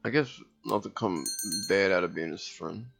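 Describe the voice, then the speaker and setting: With music in the background, a man does relaxed let's-play commentary on a strategy game, thinking out loud, reading on-screen text, and hiccuping from time to time. He has a low-pitched voice with vocal fry and speaks at a moderate pace.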